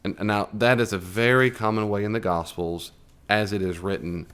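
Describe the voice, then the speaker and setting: A man's voice: fairly low pitch, fairly even intonation, normal speed, fairly bright tone, smooth. An American man leading a classroom Bible study lesson, chatting casually, quizzing his listeners and acting out the lines he quotes. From United States. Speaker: Bible teacher.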